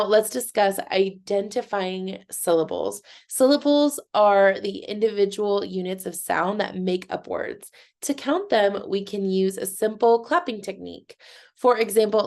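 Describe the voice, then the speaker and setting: A young woman teaching a recorded lesson for children. She speaks slowly and clearly, with an encouraging tone, and stretches words out as she claps their syllables. Her mid-range voice has a slight gravelly fry. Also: medium pitch, a little mellow.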